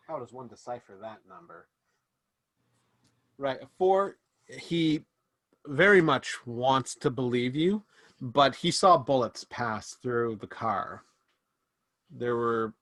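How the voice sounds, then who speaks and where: A man running a tabletop game as game master, narrating scenes with quick restarts and fillers. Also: medium pitch, fairly bright tone, dry recording.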